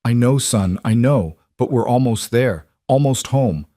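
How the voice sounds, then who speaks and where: A man's voice: mid-range voice, lively intonation, measured pace, dark tone, no room sound, clean studio sound, lightly acted. A man doing a desperate cowboy father. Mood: urgent. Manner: pleading and commanding to keep his son awake. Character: weary, determined frontier cowboy father.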